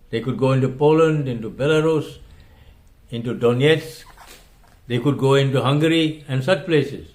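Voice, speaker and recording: A man's voice: on the high side, normal speed, darkish tone. An older man who hosts a talk show and delivers an impassioned commentary monologue. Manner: impassioned, emphatic. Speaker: host.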